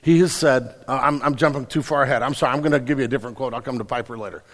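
A man preaching a sermon in a church, animated, repeating phrases and putting questions to the congregation. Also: medium pitch, very fast, long reverb tail. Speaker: pastor. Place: church hall.

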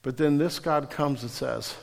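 A man's voice: medium pitch, measured pace, creaky. A male pastor giving a sermon in a casual, joking storytelling way with slang, heard with long reverb from a large hall.

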